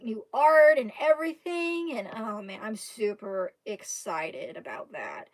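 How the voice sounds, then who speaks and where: A young woman from Kentucky with a Southern accent, chatting casually with her stream viewers in a rambling way and laughing often. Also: mid-range voice. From Kentucky, USA. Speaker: live streamer.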